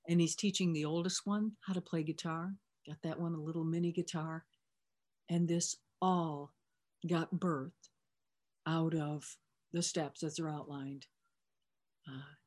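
A woman with a fairly low speaking voice tells a personal story as a recovery sponsor. She talks conversationally, with the odd filler and restart. She retells whole conversations in quoted lines, switching between what she said and what the other person said. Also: a little mellow.

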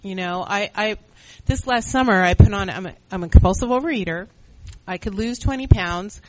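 Earnest, halting middle-aged panel speaker. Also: medium pitch, dry recording, low-quality recording. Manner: earnest and reflective, halting with restarts. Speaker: panel speaker at a recovery meeting. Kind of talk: personal recovery testimony.

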